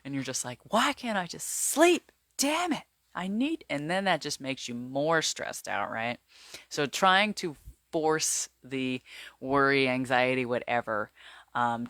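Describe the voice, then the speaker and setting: A man's voice: mid-range voice, bright, forceful tone, no room sound. A man vlogging casually to camera about wellness, rambling with lots of fillers and checking his notes. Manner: rambling, filler-heavy, chatty; glances at notes while talking.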